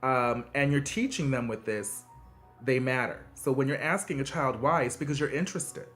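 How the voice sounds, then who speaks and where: Man, mid-pitched, earnest conversational advice host, many fillers, soft music underneath. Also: moderate pace. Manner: conversational, frequent fillers and restarts; earnest and encouraging, emphatic swings in pitch. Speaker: video host giving parenting advice. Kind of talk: casual advice monologue.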